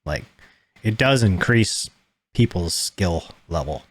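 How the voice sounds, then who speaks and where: A young adult man co-hosting a podcast, talking in a calm, low-key way and swearing casually. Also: takes it slowly, slightly rough, no echo. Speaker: podcast co-host. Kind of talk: casual chat.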